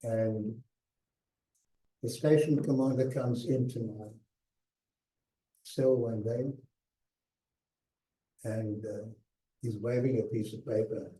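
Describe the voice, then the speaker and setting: Older man, slow and roomy. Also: lowish voice, fairly even intonation. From South Africa. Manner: slow, emphatic, with hushed pauses. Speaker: guest speaker. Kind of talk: personal memoir talk. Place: lecture hall. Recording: echoey hall, mic at a distance.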